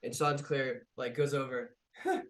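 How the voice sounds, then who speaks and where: A man's voice: medium pitch, fairly even intonation, unhurried. A man narrating a tabletop game as game master, in a loose way with many fillers. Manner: casual, full of fillers and restarts.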